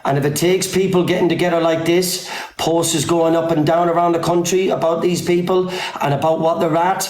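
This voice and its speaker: A man's voice: fairly high pitch, flat delivery, fairly quick, darkish tone. Emphatic man, roomy sound. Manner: emphatic, repeats himself for stress. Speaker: livestream host. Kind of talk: campaigning livestream talk.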